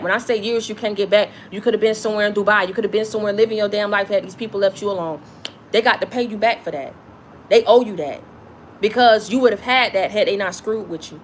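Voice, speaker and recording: A woman with a medium-pitched voice delivers an impassioned spiritual message to her viewers, with a little hiss or hum in the audio. This spiritual content creator is preachy, blunt and profane, repeating lines for emphasis.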